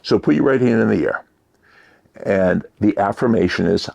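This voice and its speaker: A man giving a motivational talk, shifting between loud emphasis and near-whispered asides. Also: lowish voice, moderate pace, vocal fry. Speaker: motivational speaker.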